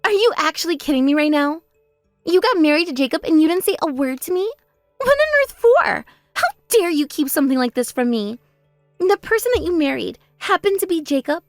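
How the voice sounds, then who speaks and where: A woman plays a spoiled, gloating younger sister in a text-message story drama. Her voice sits high and leaps about as she taunts and boasts. The sound is dry with faint music underneath. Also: expressive, fairly quick, dry recording. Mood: indignant.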